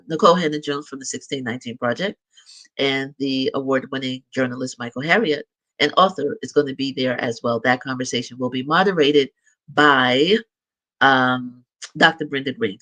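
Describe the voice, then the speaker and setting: A man's voice: mid-range voice, normal speed, pushed and bright, low-quality recording. A middle-aged man hosting a live show, chatting casually and upbeat as he makes announcements. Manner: chatty and upbeat, with light laughs and restarts. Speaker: show host.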